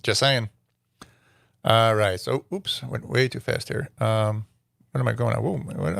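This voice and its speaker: A man's voice: mid-range voice, unhurried, vocal fry, fairly bright tone, dry recording, studio quality. A man hosting his own commentary vlog, reading text aloud and answering it with sarcastic, incredulous asides. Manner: sarcastic, incredulous asides between read-out quotes. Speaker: show host.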